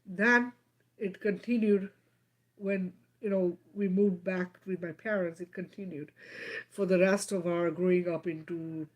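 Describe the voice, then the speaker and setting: A woman's voice: fairly low pitch, fairly even intonation, a little slow. A middle-aged woman hosting a live stream, telling a personal story emphatically and often checking in with her listeners. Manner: emphatic, keeps checking in with "right?" and "okay?".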